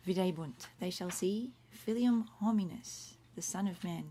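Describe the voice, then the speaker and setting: A woman's voice: lowish voice, normal speed, warm tone. Chatty woman teaching Latin. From Australia. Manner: chatty, self-interrupting, explains words one by one. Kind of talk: casual livestream lesson. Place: home room. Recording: faint room noise.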